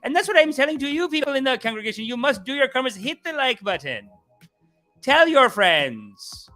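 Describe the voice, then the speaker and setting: A man voicing a commanding male preacher who addresses his congregation in a mock-solemn, booming way. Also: big pitch swings, moderate pace, bright, forceful tone, soft background music, full character voice. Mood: preachy.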